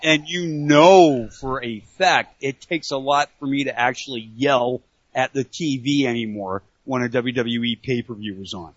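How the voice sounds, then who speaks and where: A man's voice: mid-range voice, fairly even intonation, normal speed, husky, no echo, lo-fi sound. A man from Canada co-hosting a casual wrestling talk show, laid-back and casually swearing. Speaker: co-host. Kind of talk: casual chat.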